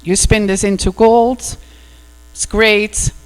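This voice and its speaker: A woman's voice: medium pitch, level tone, takes it slowly, clean tone, close to an everyday voice. A woman voicing a greedy king who gives blunt commands, in an echoey hall with a mains hum. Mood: threatening.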